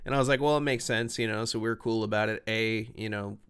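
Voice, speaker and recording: Smooth-voiced man telling profane stories. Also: lowish voice, brisk. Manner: profane, animated, laughing storyteller. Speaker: musician guest. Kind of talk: casual storytelling.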